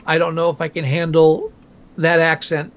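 A sarcastic man with a somewhat high voice rants about new movies on a casual podcast. His mic sounds dull and a little muffled. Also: completely flat delivery, moderate pace. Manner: sarcastic, ranting, swears. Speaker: podcast co-host.

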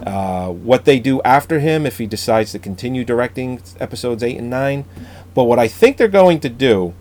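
A man's voice: mid-range voice, animated, normal speed, a little mellow. Blunt, opinionated man in casual chat. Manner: opinionated, blunt, swears freely.

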